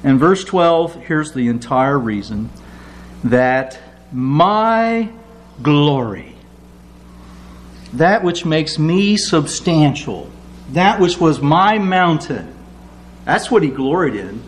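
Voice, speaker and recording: A man preaching a sermon, acting out quoted prayers with lively rises in his voice. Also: on the high side, takes it slowly, pauses often, slight background noise. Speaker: pastor.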